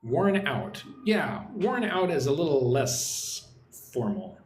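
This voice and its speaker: A man's voice: on the high side, sing-song. A man from Texas runs a live English lesson, reading viewers' comments and breaking words down syllable by syllable. He talks in a friendly, chatty way and keeps checking in with "right?". His voice carries a roomy echo over a faint hum of background noise. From Texas, United States. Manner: chatty, explains words slowly and repeats them, says "right?" often. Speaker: English teacher hosting a livestream.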